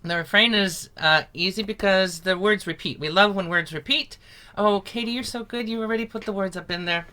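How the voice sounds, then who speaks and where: Woman, song teacher, bright clear tone, mid pitch, upbeat, encouraging, video call mic. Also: brisk. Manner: upbeat, encouraging, laughs easily.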